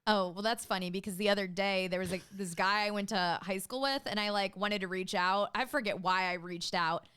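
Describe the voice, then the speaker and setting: A young adult woman, a podcast guest and business owner, chatting casually, bubbly and quick to laugh, rambling into digressions. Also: mid-range voice, a bit bright, clean tone. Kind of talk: casual chat.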